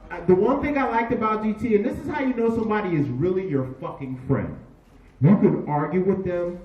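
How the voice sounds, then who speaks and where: A man emceeing a comedy tribute show, loud and profane, hyping the crowd between stories. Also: high-pitched, far from the mic, slight background noise. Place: comedy bar stage with audience. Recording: echoey room, mic from afar, crowd.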